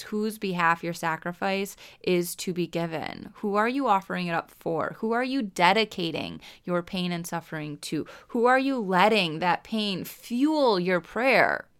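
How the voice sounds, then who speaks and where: Woman, young adult, devotional talk host, earnest, heartfelt, smooth voice, slightly low. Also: moderate pace, few pauses. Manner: earnest, heartfelt, near tears at times. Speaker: faith podcast host.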